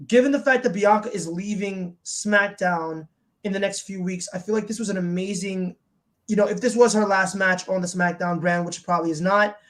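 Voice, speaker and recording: A woman co-hosting a wrestling review show, chatting casually and acting out quotes as she retells scenes. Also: medium pitch. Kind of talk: casual chat.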